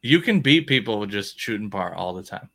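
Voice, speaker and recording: A man's voice: on the low side, lively intonation, brisk, pushed and bright. A man hosting a podcast in casual chat, mostly giving short agreeing replies and laughing easily. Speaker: podcast host.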